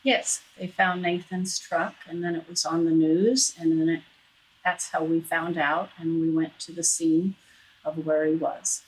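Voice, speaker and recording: A woman speaks in a husky, fairly low voice as a guest on an interview show. Her answers are short and soft-spoken. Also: fairly even intonation, unhurried, low-quality recording.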